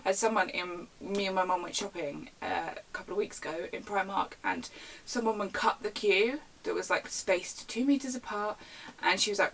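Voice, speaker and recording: A young woman talks straight to her viewers in an animated, indignant rant about retail stories. She sits a little back from the mic, and a faint hiss runs under her voice. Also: medium pitch, moderate pace, gravelly. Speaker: vlogger. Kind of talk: casual storytime rant. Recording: slightly distant mic with faint background hiss.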